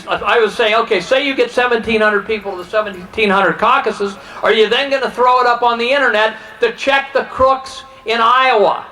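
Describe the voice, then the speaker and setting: A political speaker from Ohio, USA delivers an impassioned, heated speech in a high, bright voice with a forceful tone. He acts out the conversations he quotes, and the recording is rough.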